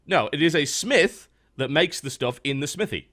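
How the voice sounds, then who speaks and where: A man's voice: a little high, expressive, normal speed, pushed and bright. A man, a podcast host telling a story in casual chat, dry and understated.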